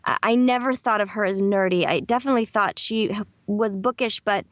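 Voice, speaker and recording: A woman voice actress chats animatedly in an interview, laughing easily. The sound is dry and close, with no room echo. Her voice sits at a middle pitch. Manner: chatty and animated, laughs often, slips into quick impressions. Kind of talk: casual interview answers.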